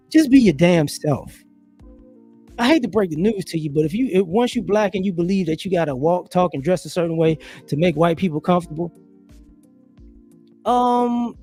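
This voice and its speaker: A man with a high, slightly rough voice hosts a live stream from a home setup, casually telling stories and sharing opinions. He animates the tale by voicing other people's lines.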